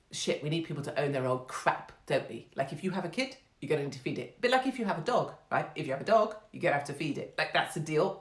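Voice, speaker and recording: An English woman hosting her own online show, talking in a casual monologue and keeping up a brash, sarcastic, profane patter, laughing at her own jokes. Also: low voice. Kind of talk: casual monologue on a live stream. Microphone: phone microphone. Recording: roomy echo.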